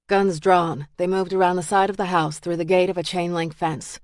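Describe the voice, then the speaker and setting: A woman reading a dark thriller audiobook in a measured, steady way. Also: fairly low pitch, no echo, studio quality. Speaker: audiobook narrator. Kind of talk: scripted thriller narration.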